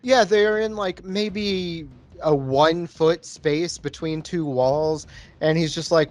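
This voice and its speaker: A man co-hosting a casual podcast, giving a relaxed, hedging review of a beer and a film. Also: a little high, slow, no echo. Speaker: podcast co-host. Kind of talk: casual chat about a film over beer.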